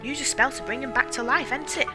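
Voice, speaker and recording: A cheeky, brash little fairy sidekick talks up high and sassy, voiced by a woman reading game lines. He stays blunt and colloquial throughout. Video game music plays clearly underneath him. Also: fast, close to an everyday voice. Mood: exasperated.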